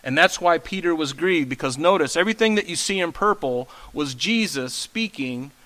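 A man's voice: on the high side, expressive, normal speed, bright, forceful tone, poor audio. A male pastor preaching a conversational sermon, often asking the congregation questions. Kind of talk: expository sermon.

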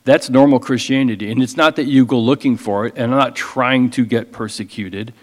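A man preaching as a pastor, reading scripture slowly with emphasis and then explaining it in a casual, conversational way. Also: medium pitch, steady tone, long reverb tail. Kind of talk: expository sermon.

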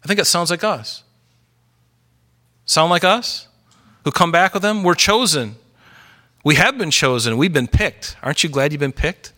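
A man's voice: a little high, animated, moderate pace, pauses often, sharp tone. A middle-aged man preaching a sermon as pastor, emphatic and full of rhetorical questions.

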